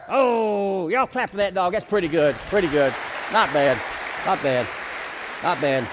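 A man preaching in a seminary chapel while working a dog, swinging between loud commands and soft, hushed points. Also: high voice, a little slow, crowd noise, noisy background. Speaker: chapel speaker training a dog. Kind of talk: sermon with a live dog demonstration. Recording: echoey hall, dull lo-fi sound.

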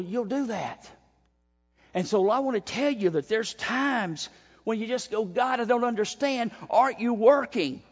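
A male pastor preaching a sermon, emphatic, with sudden swings in pitch and pace. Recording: dull sound with long hall reverb.

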